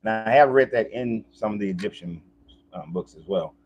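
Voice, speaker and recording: A man's voice: lowish voice, normal speed, dull audio, soft background music. A man talking in a casual, rambling monologue, often restarting and repeating himself, as a life coach.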